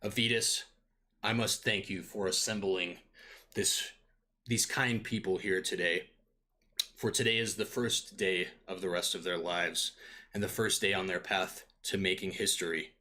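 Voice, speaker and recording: Man doing an ancient undead lord, booming, grandiose, low-pitched, sharp-toned. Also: steady tone, measured pace. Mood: proclaiming. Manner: grandiose, menacing proclamations.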